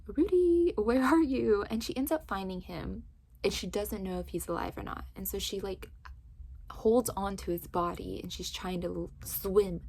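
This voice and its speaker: A woman recapping a book's plot in casual chat, telling it with lively energy and many fillers like "like". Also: lowish voice. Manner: animated storytelling with frequent "like". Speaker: book reviewer.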